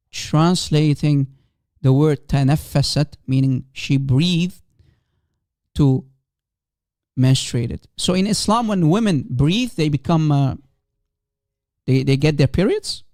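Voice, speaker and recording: This Arabic-speaking man's voice is slightly high and expressive, with a darkish tone; he speaks slowly and pauses often, recorded in clean studio sound without echo. As a religious debater commenting on a livestream, he is scornful and emphatic, laughs at his opponent, and keeps repeating his points for emphasis.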